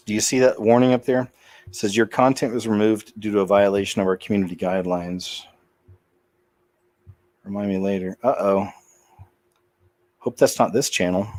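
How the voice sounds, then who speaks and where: A man's voice: lowish voice, a little mellow, no echo. A man hosting his own channel, reading news items aloud and making casual, muttered asides. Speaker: channel host.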